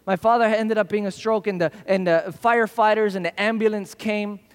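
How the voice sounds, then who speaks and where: A man's voice: high voice, fairly even intonation, brisk. A man preaching a sermon, telling stories and acting out the voices of the people in them. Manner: storytelling, acts out quoted voices. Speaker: pastor. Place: church service hall. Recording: church hall reverb.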